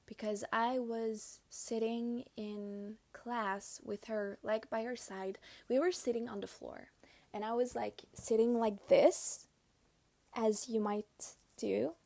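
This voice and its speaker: A young woman hosts a casual podcast while doing her makeup, telling stories in a confiding way and often dropping to a whisper. Her voice is a little high and dark-toned with vocal fry, fairly even in intonation, taken slowly with no room sound.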